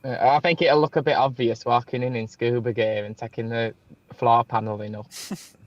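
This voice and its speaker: A man's voice: mid-range voice, flat delivery, moderate pace, dry recording, lo-fi sound. A man in casual chat, joking and giggling as he rambles through stories.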